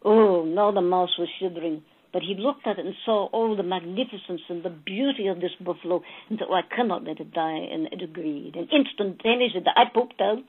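A woman channeling a spiritual message, telling a fable slowly and calling her listeners beloved souls. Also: fairly low pitch, slightly rough. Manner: slow, storytelling, addressing listeners as beloved souls. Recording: tinny phone-like audio.

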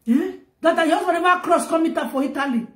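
A high-pitched woman with a Nigerian Pidgin accent runs an emotional gossip vlog, getting animated and loud as she talks. Her voice bounces around an echoey room. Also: fast talker. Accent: Nigerian Pidgin English. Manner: animated storytelling in Pidgin, rising and loud when upset. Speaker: vlogger. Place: home in Germany.

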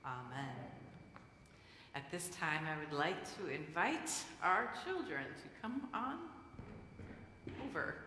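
A bright-voiced woman pastor talking slowly and playfully with children, coaxing them to join in. She is heard in a church sanctuary with a roomy, long reverb around her. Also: fairly low pitch, very animated, a little hiss or hum. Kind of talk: children's message in a church service.

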